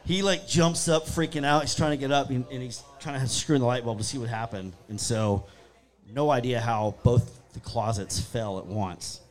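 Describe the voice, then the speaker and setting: A man's voice: medium pitch, normal speed. A man, casually telling spooky stories and acting out what people said. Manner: animated storyteller acting out his own quotes. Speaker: guest storyteller. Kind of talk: casual ghost-story chat.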